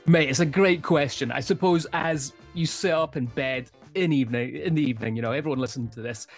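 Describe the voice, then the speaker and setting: A man's voice: mid-range voice, fairly quick, faint music behind. A man co-hosting a podcast, chatting casually with a teasing, playful manner. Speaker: podcast co-host.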